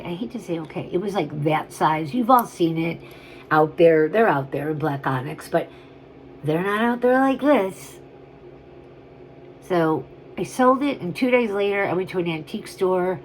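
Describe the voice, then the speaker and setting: A woman's voice: lowish voice, a little hiss or hum, poor audio. A woman chatting casually on camera as she shows and sells vintage jewelry, rambling and gushing over each piece. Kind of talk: casual on-camera selling chat.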